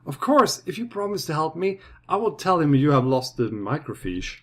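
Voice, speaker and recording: A man's voice: fairly high pitch, big pitch swings, normal speed. A man voicing a nervous female shop clerk who stammers in a raised voice. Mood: scheming.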